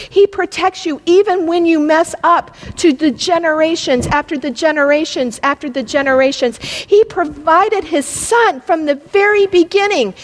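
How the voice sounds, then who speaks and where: A middle-aged woman teaching a Bible lesson in a church hall, impassioned and pressing her points, rising almost to a yell. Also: extremely high pitch. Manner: impassioned, rising to near-yelling at peaks. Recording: long hall reverb.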